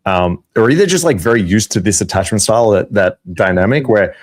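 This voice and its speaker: A man's voice: lowish voice, lively intonation, fairly quick. A man co-hosting a podcast as a dating coach, giving advice in a matter-of-fact, profane, casual way.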